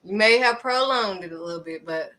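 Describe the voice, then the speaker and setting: A woman voicing God as a gentle father who calmly reassures his daughter in a quiet, matter-of-fact way. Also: medium pitch, brisk, close to an everyday voice. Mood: reassuring.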